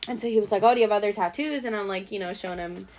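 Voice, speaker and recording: Racing along in a medium-pitched, slightly mellow voice, with a little background noise, a young woman from the US Pacific Northwest guests on a podcast. She tells the host about a bad date casually and ramblingly, full of fillers and swearing.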